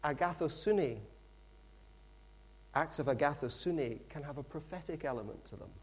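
A middle-aged man preaching a sermon in a lively, conversational storytelling manner with frequent asides. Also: fairly high pitch, normal speed.

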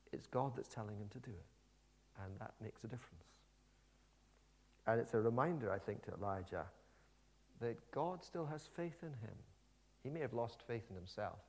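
A man preaches a sermon in a relaxed, conversational way, retelling a scripture story with lively asides. He often restarts a phrase before going on. His voice sits at an ordinary middle pitch. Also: gravelly.

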